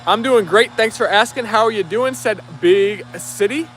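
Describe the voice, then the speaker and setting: A man's voice: high voice, moderate pace, fairly bright tone, slight background noise. A man hosting a dog livestream outdoors, reading viewer comments aloud in an upbeat, easygoing way. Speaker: livestream host. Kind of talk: live chat reading.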